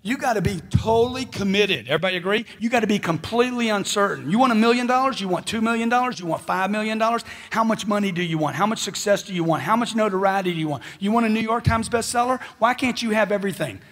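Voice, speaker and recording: A man's voice: sits high, quick pace, hardly any pauses, fairly bright tone. A man giving a live motivational seminar talk into a handheld mic, emphatic and firing off rhetorical questions. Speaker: motivational speaker.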